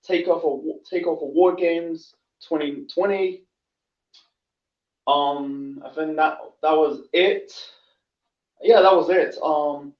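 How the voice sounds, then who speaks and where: A slightly high-voiced man hosting a casual awards rundown. He rambles, stops to correct himself and leans on fillers. He sits away from the mic in an echoey room, and the recording sounds dull and lo-fi. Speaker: host. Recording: roomy, distant, dull lo-fi sound.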